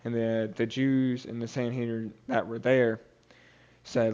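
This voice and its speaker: A man's voice: medium pitch, little pitch movement, measured pace, darkish tone, clean tone, highs cut off. Casual young man retelling scripture. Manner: casual, many fillers and restarts, acts out quotes. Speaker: podcast host. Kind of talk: casual Bible study retelling.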